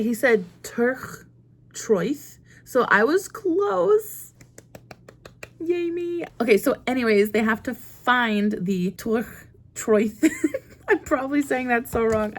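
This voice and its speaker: On her book vlog, a young woman from the United States rambles through a casual chat, often laughing at her own expense. She has a creaky, mid-range voice with a darkish tone.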